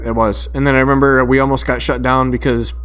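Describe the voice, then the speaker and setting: A young man co-hosting a casual sports chat, telling high school stories and acting out the people in them. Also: quick pace, smooth. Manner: animated storytelling, acting out quotes. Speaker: podcast co-host.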